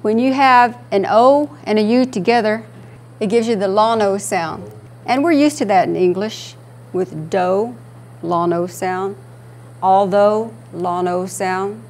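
Slow, patient woman teaching a class. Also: mid-range voice, a little mellow, slight background noise. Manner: slow, patient, repeats words for students. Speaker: language instructor. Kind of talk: classroom language lesson.

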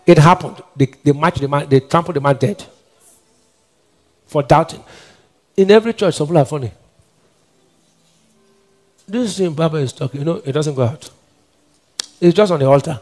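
A Nigerian pastor delivering a fervent sermon in a fairly high-pitched voice. He drops into low, confiding asides, then rises into shouted declarations. His delivery is emphatic and driving. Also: normal speed, long pauses. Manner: emphatic preaching with decrees, swinging from quiet asides to shouts.

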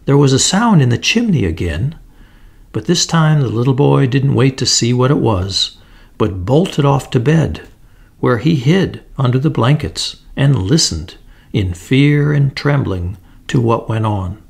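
Male storyteller, slow and deliberate, gravelly with a husky grain; fairy-tale read. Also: mid-range voice, animated. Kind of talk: storybook narration.

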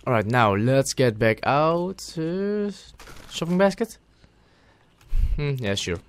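A man hosting a gaming channel, giving let's play commentary as he talks to himself and bursts into loud, excited shouts. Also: mid-range voice, takes it slowly.

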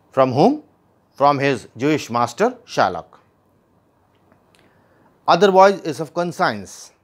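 A man teaching a play line by line, reading each passage and then restating it in plain words. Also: medium pitch. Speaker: literature teacher.

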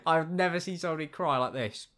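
A man giving casual reaction commentary, with sarcastic, deadpan asides. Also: a little high, quick pace, noisy background. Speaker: YouTube commentator.

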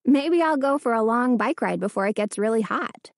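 A woman voicing a cheerful young girl in a storybook reading, bright and teasing. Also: fairly high pitch, expressive, normal speed, no echo, clean studio sound. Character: cheerful preteen girl, teasing older sister.

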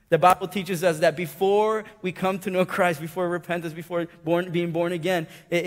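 A man preaching a sermon, swinging between loud, excited storytelling and hushed, tender asides. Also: fairly high pitch, in a large hall. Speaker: pastor. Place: church sanctuary.

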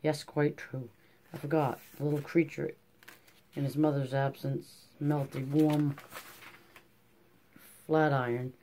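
A reader voicing a prim, genteel spinster lady in an audiobook, brisk and courteous. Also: medium pitch, little pitch movement, mellow, a little hiss or hum, close to an everyday voice. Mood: fussy. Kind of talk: audiobook character reading.

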